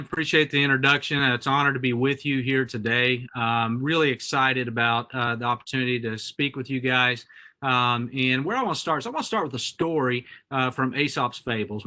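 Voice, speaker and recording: A man giving a keynote talk as the featured speaker, opening with an animated fable, probably over a video call. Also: medium pitch. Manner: animated storyteller. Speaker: executive director and featured speaker.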